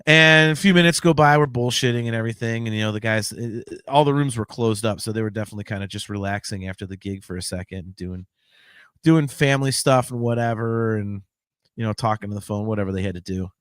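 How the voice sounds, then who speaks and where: Excited rambling man telling a story. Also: lowish voice, fast talker, clear, resonant tone, no room sound, studio quality. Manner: rambling, excited, swears casually. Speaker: podcast host. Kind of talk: casual storytelling chat.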